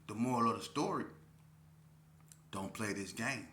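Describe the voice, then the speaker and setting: A man giving a casual monologue, talking slowly and repeating himself like a preacher. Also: on the low side, sharp tone, reverberant, a little hiss or hum. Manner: preachy street talk, repeats himself, drawn-out pauses. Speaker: vlogger.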